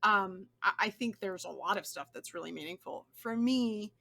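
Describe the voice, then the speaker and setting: A young woman chatting as an interview guest, enthusiastic and quick to laugh, with many restarts. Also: medium pitch, vocal fry, pushed and bright. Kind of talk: casual interview chat.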